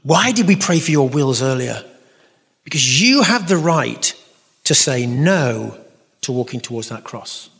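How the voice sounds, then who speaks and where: A man with a London accent speaks to a gathering in a large hall, his voice trailing a long reverb. He talks earnestly and directly, restarts his sentences often and pokes fun at himself, at an ordinary middle pitch. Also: animated, unhurried, gravelly, fairly bright tone, slightly rough. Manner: earnest, direct, self-mocking, frequent restarts. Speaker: Catholic speaker. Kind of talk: conversational talk with audience questions.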